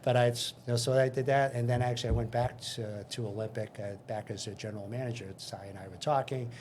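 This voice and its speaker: A man's voice: mid-range voice, fairly even intonation, fast, darkish tone, slight background noise. Older man telling anecdotes with acted dialogue. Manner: anecdotal, acts out dialogue, frequent restarts. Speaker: interview guest. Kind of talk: casual storytelling.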